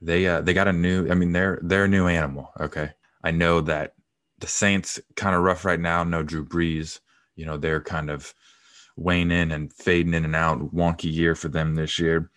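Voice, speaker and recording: A man co-hosting a sports podcast, talking in a relaxed, casual way. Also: low-pitched, normal speed, dry recording, clean studio sound. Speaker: podcast co-host.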